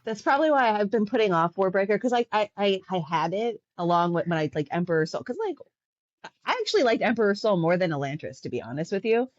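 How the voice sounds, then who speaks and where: A woman's voice: mid-range voice, animated, fast, no echo, muffled recording. A woman guesting on a podcast in casual chat, rambling and filling her talk with "like".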